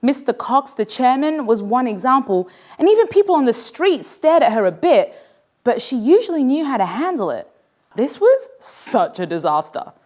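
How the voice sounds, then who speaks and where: A woman author reads her own children's book aloud, playful and expressive. Her voice sits a little high and rises and falls with great liveliness as she tells the story. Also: normal speed.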